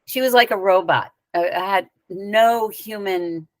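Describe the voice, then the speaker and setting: A woman guest in an interview, telling a personal story in a lively conversational way with casual asides. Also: medium pitch, a little slow, no room sound. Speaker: spiritual teacher and guest.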